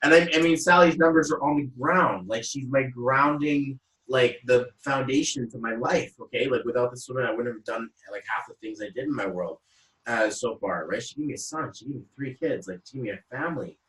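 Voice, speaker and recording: Male podcast host, casual storyteller, mid pitch, acts out quotes, roomy and slightly off-mic. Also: a little fast, a bit bright. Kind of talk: casual chat. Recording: roomy echo, voice a little far off mic.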